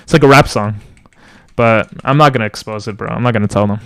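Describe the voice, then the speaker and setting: A young man streaming from home on a close boom mic, rambling and joking as he answers chat. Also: fast, a bit bright, clean tone, dry recording. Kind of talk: casual live-stream chat. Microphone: boom mic close to the mouth.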